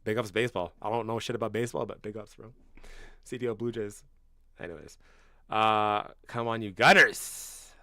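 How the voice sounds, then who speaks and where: A man's voice: fairly low pitch, fairly even intonation, moderate pace, no echo, studio quality. A man in his twenties from Canada, a football fan streamer chatting casually with viewers, blunt and slangy, calling everyone bro and swearing freely. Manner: gets loud and incredulous in bursts. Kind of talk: casual livestream chat reacting to viewers.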